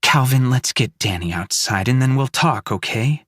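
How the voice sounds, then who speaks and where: A man reading an audiobook, voicing a frightened mother who pleads softly to calm her abusive husband. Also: medium pitch, normal speed, no room sound, clean studio sound, voice pushed up, natural voice. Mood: pleading. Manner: soft, pleading, hushed.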